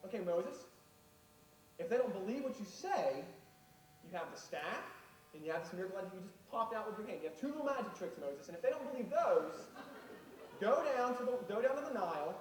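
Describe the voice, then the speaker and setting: A man's voice: big pitch swings, fairly quick. A man playing God as a patient, matter-of-fact figure giving instructions in everyday speech. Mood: instructing. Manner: casual, plain-spoken. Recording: echoey hall, far from mic, faint rumble.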